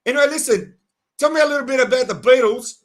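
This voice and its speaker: A man's voice: extremely high pitch, fast talker. A man from Melbourne, hosting a casual podcast interview in a jokey, eager way. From Melbourne, Australia. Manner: jokey, eager, laughs along. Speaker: podcast host.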